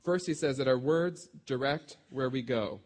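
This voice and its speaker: A man's voice: mid-range voice, moderate pace. Guy preaching in church, chatty and self-deprecating, voice sits mid-range. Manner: conversational, self-deprecating storytelling. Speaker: pastor. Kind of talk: sermon.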